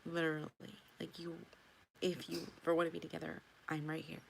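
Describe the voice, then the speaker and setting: A woman's voice: low-pitched, monotone, fairly quick, creaky, slight background noise. A woman telling a personal story in a rambling, emotional vlog, often repeating herself. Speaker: tarot vlogger.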